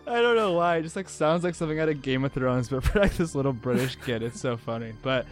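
A man's voice: mid-range voice, fast talker, faint music behind. A man co-hosting a casual podcast about a movie, laughing often as he talks. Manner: laughs often while talking. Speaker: podcast co-host.

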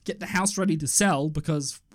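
A man's voice: on the high side, fairly quick. Profane man telling a story. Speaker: podcast co-host. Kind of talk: casual chat, storytelling.

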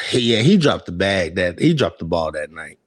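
A man's voice: low voice, a little slow, slightly rough, dry recording. Laughing man telling a wild story. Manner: laughing, animated, acts out quotes. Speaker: podcast co-host. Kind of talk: casual storytelling.

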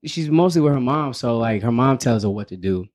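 A man in his thirties co-hosting a podcast, talking loosely and laughing often. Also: a little fast. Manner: animated, laughs often, mimics his daughter in high voice. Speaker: podcast co-host. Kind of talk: casual chat.

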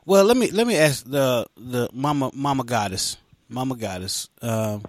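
A man with a lively, bouncing pitch co-hosts a comedic podcast, playful and quick to laugh. He speaks with hesitant restarts, and the voice is close and dry. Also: no echo. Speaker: podcast co-host.

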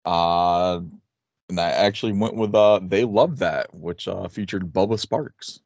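A man's voice: low-pitched, unhurried, darkish tone, no room sound, clean studio sound. A man co-hosting a podcast in casual chat, a rambling storyteller who likes crude jokes. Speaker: podcast co-host.

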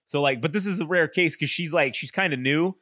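A man's voice: a little high, brisk, pushed and bright, dry recording, clean studio sound. A man co-hosting a casual podcast, rambling, swearing often and acting out characters in a raised voice. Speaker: podcast co-host. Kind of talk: casual chat.

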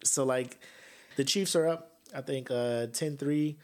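A man's voice: medium pitch, takes it slowly. A young man hosting a podcast, ranting casually with slang, swearing and sarcasm. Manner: profane, animated, sarcastic, slangy. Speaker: podcast host.

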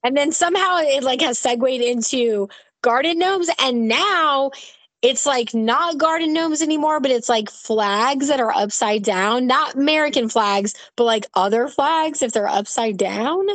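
A middle-aged woman co-hosting a podcast, chatting casually with a stream of "like" fillers and easy swearing. Her voice sits high and the sound is dry and close, with no room around it. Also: unhurried, fairly bright tone, no room sound. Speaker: podcast co-host. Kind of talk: casual chat.

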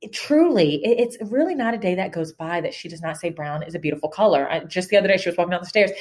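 A middle-aged woman, a first-time children's book author, chatting in an interview, animated, laughing often and repeating words as she starts. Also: mid-range voice, quick pace. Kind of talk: casual interview talk.

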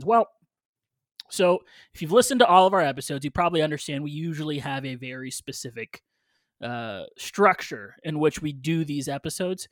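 A young man hosts a casual podcast with an upbeat, loose delivery full of fillers. His voice sits a little higher than usual and sounds close and dry, with no room around it. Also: brisk, no room sound. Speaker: podcast host.

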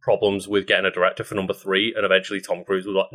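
Bright-voiced man chatting about films. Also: low voice, level tone, rapid-fire. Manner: reads out film facts with frequent ums. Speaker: podcast co-host. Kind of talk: casual chat.

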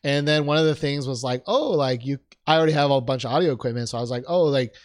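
A young man co-hosts a podcast, talking fast at a medium pitch. The chat is casual, and he jokes at his own expense, using lots of fillers.

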